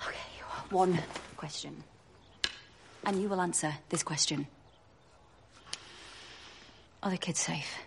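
An actress playing an alarmed young schoolteacher who urgently presses for answers. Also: female voice, normal speed, gravelly, background noise. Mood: insistent. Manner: urgent, pleading, rising pitch. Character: young female teacher, alarmed and insistent. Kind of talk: TV drama acting.

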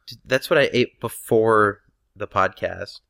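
A man's voice: on the low side, measured pace, creaky, fairly bright tone, no room sound. Man tossing in dry jokes. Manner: dry, joking asides. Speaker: podcast co-host. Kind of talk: casual chat.

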